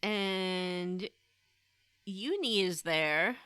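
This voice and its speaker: A woman's voice: on the low side, very slow, sharp tone, smooth, dry recording. A woman co-hosting a casual gaming podcast, joking playfully and admitting she is not much of a gamer. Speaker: podcast co-host.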